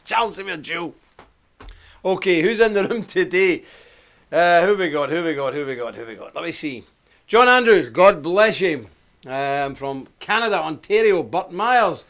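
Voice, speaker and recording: A middle-aged man with a lilt hosts a casual live stream. He talks in an easy, rambling way, greeting people by name and laughing at his own jokes. His voice sits a little higher than most men's. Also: animated, moderate pace, a bit bright.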